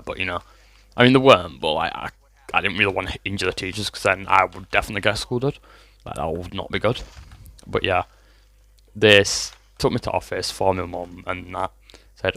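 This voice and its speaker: Young guy, deep gravelly voice, kinda flat, swearing and rambling, bit of a cough. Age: 20s. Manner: rambling, swears often, lots of fillers. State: has a cough. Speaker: vlogger. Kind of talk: casual storytime vlog.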